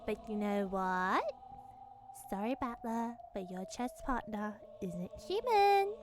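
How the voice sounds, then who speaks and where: A woman voicing an eerie little girl who lectures slowly and ominously during a casual visual novel read-along. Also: mid-range voice, animated, noisy background, voice pushed down.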